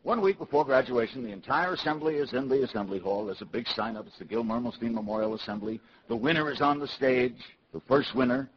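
A man from New City, telling a comic story to a live audience with punchy, animated delivery. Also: medium pitch, quick pace, few pauses, highs cut off, slight background noise. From New York City. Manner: animated, punchy, swings between loud and hushed.

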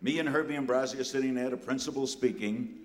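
Telling a funny story before a live crowd, this older New Yorker speaks quickly at a medium pitch. He keeps it animated and punchy, throwing in plenty of asides.

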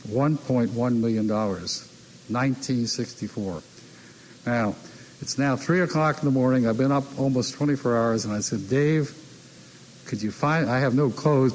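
An older man, a team owner, tells anecdotes about his business in a conversational way, repeating key phrases for effect and acting out what others said to him. His voice is middle-pitched, and the rough recording carries a faint noise underneath.

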